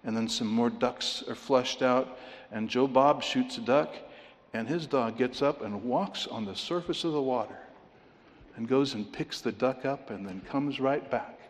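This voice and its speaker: Unhurried and medium in pitch, a man preaches with a long reverb tail behind his words. He shares a joke, reads from scripture and, in a storytelling manner, puts rhetorical questions to his congregation.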